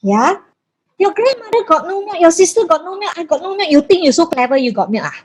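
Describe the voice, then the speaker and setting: A woman's voice: very high voice, sing-song, fast, voice pushed up. Woman doing a know-it-all Malaysian granny. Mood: lecturing. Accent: Malaysian English. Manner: lecturing, matter-of-fact. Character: stubborn, know-it-all grandmother.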